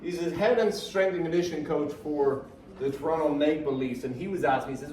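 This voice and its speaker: Animated man speaking in a hall. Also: a little high, fairly quick. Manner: animated, joking, coaxes the audience to join in. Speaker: guest speaker. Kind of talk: live motivational talk to an audience. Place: event hall with an audience. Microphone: phone camera from the audience. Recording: echoey hall phone recording from far off.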